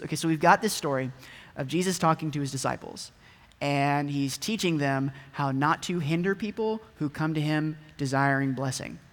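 A man preaching a casual, conversational sermon, often asking his listeners rhetorical questions. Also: on the high side. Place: church hall. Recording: echoey hall with long reverb.

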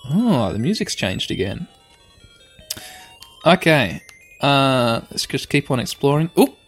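A young man playing a video game, playfully and excitably narrating what happens and reading the text aloud. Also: mid-range voice, takes it slowly, slightly rough. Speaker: game player. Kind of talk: let's play commentary. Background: faint game music.

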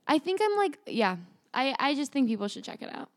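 A woman co-hosting a podcast, speaking in a slightly high voice. She talks casually and loosely, circling her points with lots of filler words. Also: big pitch swings, a little fast. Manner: rambling, full of "like" fillers. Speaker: podcast co-host. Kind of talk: casual chat.

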